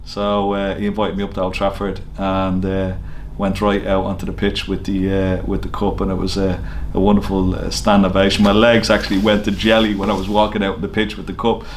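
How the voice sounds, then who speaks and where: A man's voice: low-pitched, monotone, a little fast, few pauses, a little hiss or hum. A man, a snooker player, casually telling an anecdote to camera with lots of fillers and easy laughter. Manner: chatty storyteller, frequent fillers and laughs. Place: snooker venue.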